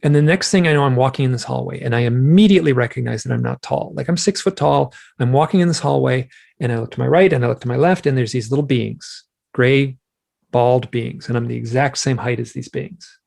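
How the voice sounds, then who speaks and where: A man with a gravelly, mid-pitched voice tells a personal story as a guest in conversation. He retells it in an animated way, acting out what he said. His delivery swings between quiet reflection and loud, heated quotes. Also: brisk. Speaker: guest author.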